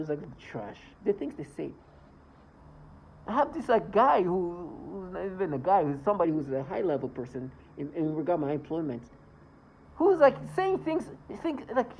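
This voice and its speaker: A man's voice: sits high, sing-song, moderate pace, darkish tone, dull audio, slight background noise. A man ranting indignantly in a vlog monologue, swearing as he talks. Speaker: vlogger.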